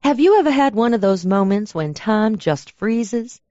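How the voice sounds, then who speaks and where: A woman narrating a first-person audiobook in a lively, chatty storytelling manner. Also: mid-range voice, moderate pace, no room sound. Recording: dull lo-fi dry recording.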